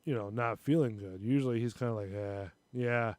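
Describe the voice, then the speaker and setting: A man's voice: medium pitch, fast talker, a little mellow, no echo. A man hosting a casual live-stream talk show, rambling and retelling stories with little voices. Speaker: show host.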